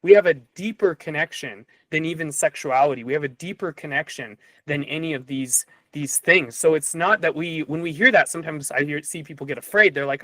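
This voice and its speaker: An animated man talking on a podcast, his voice sitting somewhat high for a man. He retells a story with frequent fillers and restarts. The sound is close and dry, with no room around it. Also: dry recording, poor audio. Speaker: podcast guest or host. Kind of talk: casual podcast conversation with storytelling.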